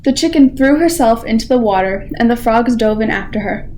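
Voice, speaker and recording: A teenage girl volunteer reading a children's picture book aloud with expressive storytelling. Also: on the high side, a little fast, slight background noise. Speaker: library volunteer reader.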